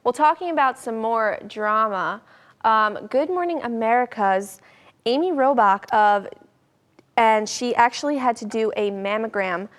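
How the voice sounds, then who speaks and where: A woman's voice: fairly high pitch, a little slow. A young woman co-hosting a casual entertainment news chat, conversational and reactive, with fillers. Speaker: co-host.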